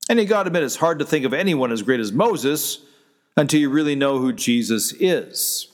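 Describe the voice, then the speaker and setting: A man's voice: mid-range voice, lively intonation, normal speed. Man preaching in a reverberant hall. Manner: conversational preaching with restarts, quoting scripture. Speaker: pastor. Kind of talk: sermon.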